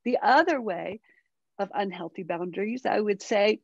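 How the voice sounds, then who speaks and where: A woman's voice: mid-range voice, normal speed, creaky, husky, no echo, dull audio. A middle-aged woman, a parenting guest in an interview, talking animatedly and often checking in with "right?". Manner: animated, acts out quoted dialogue, many tag questions. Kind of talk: interview conversation.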